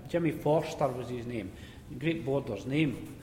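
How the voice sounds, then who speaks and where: A man with a Scottish accent telling an old mining anecdote in a relaxed, conversational way. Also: mid-range voice, a little slow, a little hiss or hum. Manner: conversational, relaxed, repeats words as he goes. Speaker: storyteller. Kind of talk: spoken anecdote of mining days. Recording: echoey hall with faint ambience.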